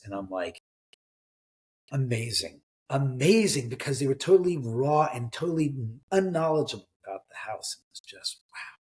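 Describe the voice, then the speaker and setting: Middle-aged guy telling stories in an interview, bit husky, acts out the voices. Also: medium pitch. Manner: lively anecdotal storyteller, acts out dialogue. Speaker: author and homeowner. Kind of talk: animated storytelling in an interview.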